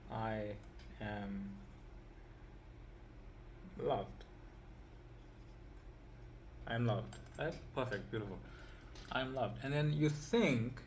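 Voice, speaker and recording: A man at an ordinary middle pitch gives an informal coaching lesson, drawing with a pen as he goes. His talk wanders and circles back on itself, and he keeps asking "right?" or saying "you see". A faint noise sits under his voice. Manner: rambling, repeats himself, keeps checking in with "right?" and "you see"; chuckles now and then while explaining. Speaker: empowerment coach. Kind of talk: informal spoken teaching.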